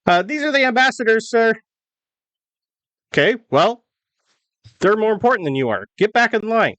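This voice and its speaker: A curt male army officer from a tabletop game brushes people off in clipped lines, as a game master puts him on. His voice is pitched well up from the performer's usual and sounds a little louder. The sound is dry and close. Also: sing-song, moderate pace, dry recording. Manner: clipped, dismissive.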